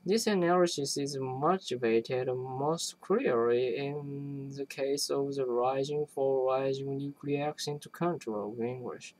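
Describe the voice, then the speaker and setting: Reader of a technical text, slow unhurried pace, halting delivery, frequent restarts. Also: mid-range voice, dry recording, low-quality recording. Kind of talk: reading a linguistics text aloud.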